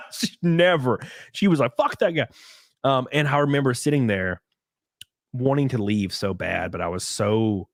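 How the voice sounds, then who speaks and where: A young man in casual podcast chat, rambling through a story with lots of likes and restarts and sudden bursts of excitement. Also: mid-range voice, dry recording, clean studio sound. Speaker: podcast guest.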